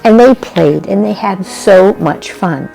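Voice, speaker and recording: A woman telling a children's story in a gentle, homespun, repetitive way. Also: medium pitch, slow pace, vocal fry, faint music behind, rough recording.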